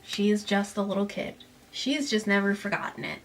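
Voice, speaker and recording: A woman's voice: mid-range voice, normal speed. This is a young woman giving a casual, chatty recap of a teen novel. She reads bits aloud, then drops them to tease the text with sarcastic asides. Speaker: book reviewer. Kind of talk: casual book recap with read-aloud passages.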